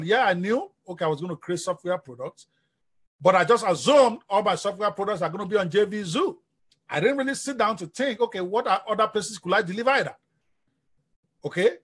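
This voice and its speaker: A man giving an energetic live-stream business coaching talk, often asking his audience questions. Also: high voice, slightly rough.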